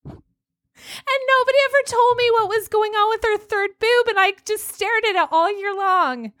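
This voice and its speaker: A woman in her forties co-hosting a podcast, telling a story in an animated way and laughing often. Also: very high voice, normal speed, dry recording, clean studio sound. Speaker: podcast co-host. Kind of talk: casual chat.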